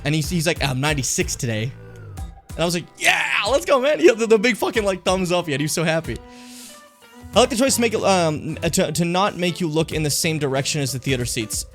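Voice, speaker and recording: Profane, rambling young male streamer. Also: fairly high pitch. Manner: rambling, profane, self-mocking. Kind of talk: casual reaction stream.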